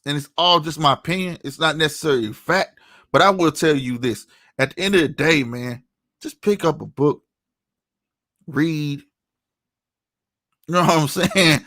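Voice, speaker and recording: A man's voice: a little high, pushed and bright, dry recording, studio quality. A man giving a heated commentary rant, angry and profane, often tossing in "you know what I'm saying". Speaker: online commentator.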